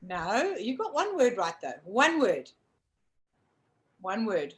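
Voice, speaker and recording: A woman's voice: mid-range voice, big pitch swings, slow pace, low-quality recording. A woman co-hosting a casual online lip-reading game, coaxing viewers to guess over a video call. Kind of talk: casual live-stream game chat.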